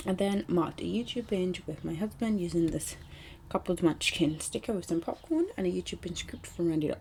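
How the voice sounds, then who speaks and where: A woman's voice: on the low side, darkish tone, a little hiss or hum. A young British woman narrating her planner spreads in a chatty, rambling way, with ums and little asides. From United Kingdom. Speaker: planner vlogger. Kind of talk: casual voice-over narration.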